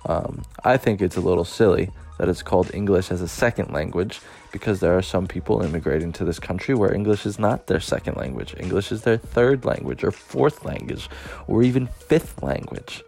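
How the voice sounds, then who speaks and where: Deep gravelly guy. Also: a little fast, a little mellow, faint music behind. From United States. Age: 20s. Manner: rambling, chatty, laughs often. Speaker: podcast host. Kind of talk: casual solo podcast monologue.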